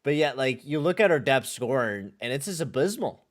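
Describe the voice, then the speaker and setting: A man's voice: medium pitch, big pitch swings, normal speed. A man from western Canada hosting a casual live hockey play-by-play podcast, swearing and complaining in exasperation. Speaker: podcast host and play-by-play caller.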